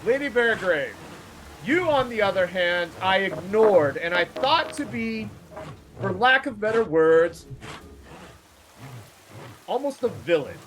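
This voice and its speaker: Commanding man with lively pitch. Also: takes it slowly, long pauses, slight background noise, low-quality recording. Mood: stern. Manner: commanding, declamatory speeches. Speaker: player. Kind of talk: in-character role-play as a stern lord.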